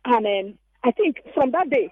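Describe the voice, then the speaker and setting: A woman with a Nigerian accent calling into a radio show, telling an animated, emphatic story. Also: fairly high pitch, moderate pace, breathy edge. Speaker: caller. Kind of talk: call-in radio comment. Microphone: phone. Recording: tinny phone line.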